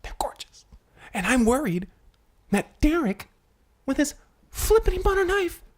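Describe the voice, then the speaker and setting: A man on a comedy podcast playing a paranoid, unstable man hiding out in a dumpster, husky and rambling, dropping into breathy whispers. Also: big pitch swings, normal speed, full character voice. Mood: fretful. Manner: jittery and rambling, swooping up and down in pitch. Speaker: comedy podcast cast member. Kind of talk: improvised comedy podcast role-play.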